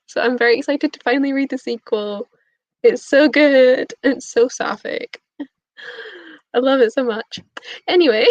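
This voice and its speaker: A woman's voice: on the high side, no room sound. Giggly woman chatting on a stream. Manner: bubbly, giggly, reading out chat messages. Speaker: booktube streamer. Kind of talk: casual live-stream chat. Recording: dull lo-fi stream audio.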